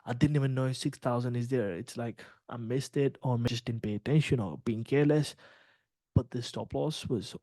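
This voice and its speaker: A man's voice: medium pitch, dark tone, no room sound. Profane, rambling man on a dry call. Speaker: trading mentor. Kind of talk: casual storytelling to students on a video call. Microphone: video call.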